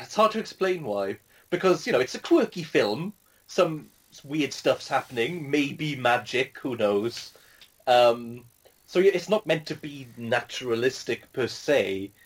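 A man's voice: medium pitch, slightly rough. A man casually talking about a film in a hesitant, rambling way, with many fillers. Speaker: podcast co-host.

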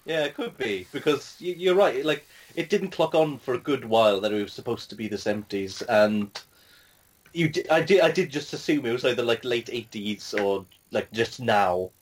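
A man's voice: medium pitch, animated, moderate pace. A man casually talking about a film in a hesitant, rambling way, with many fillers. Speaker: podcast co-host.

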